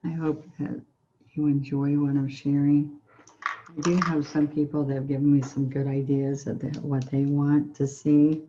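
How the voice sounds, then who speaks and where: This painting instructor, a woman with a Southern US accent, gives a relaxed tutorial, gently and encouragingly describing each brushstroke. Her deep voice keeps a moderate pace over dull audio with slight background noise.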